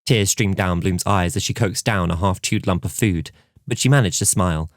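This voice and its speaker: Calm male audiobook narrator. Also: deep voice, moderate pace, dry recording, studio quality.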